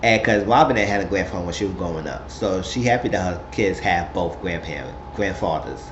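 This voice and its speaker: A man's voice: animated, fairly quick. Guy gossiping through a reality show recap, roomy room, kinda dull lo-fi sound with a little hiss. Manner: chatty storytelling, puts on high voices quoting people. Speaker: recap vlogger.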